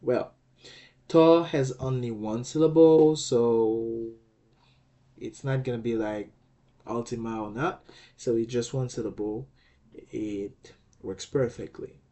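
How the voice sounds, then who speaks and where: A man's voice: mid-range voice, fairly even intonation, slow pace, dark tone. A man teaching a language lesson, patiently explaining rules, sounding out words syllable by syllable and often checking in with "okay?". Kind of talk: slow explanatory lecture.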